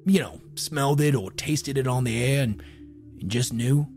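A man's voice: medium pitch, normal speed, a little mellow, soft background music, lightly acted. A man playing a haunted, weary investigator. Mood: ominous.

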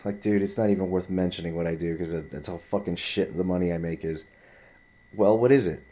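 A man's voice: sits low, flat delivery, quick pace, dark tone. A man in his twenties telling a story in a heated, profane, rambling rant. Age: 20s.

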